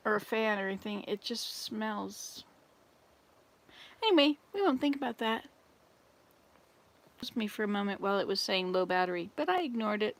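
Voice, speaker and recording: An older woman, a volunteer missionary, is doing a casual livestream chat from an RV at a summer camp, rambling chattily, telling jokes and talking to her viewers. Her voice sits at a medium pitch with lively intonation, moving at normal speed with long pauses.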